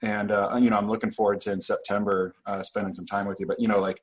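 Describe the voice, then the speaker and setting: A man's voice: fairly low pitch, flat delivery, quick pace. A man from Iowa, a podcast host who rambles and hedges in casual chat. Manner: rambling, hedging, laughs easily.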